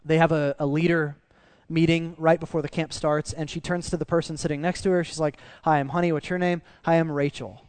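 A man preaching a sermon, telling stories in a conversational, earnest way that drops soft for emotional moments. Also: on the high side, flat delivery, a little fast, clean tone, dry recording. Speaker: pastor. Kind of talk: sermon with storytelling.

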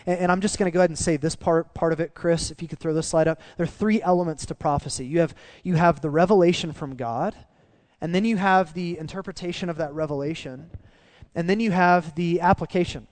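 A man preaching a sermon as pastor, animated and swinging down to quiet emphasis on key phrases. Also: a little high, no room sound.

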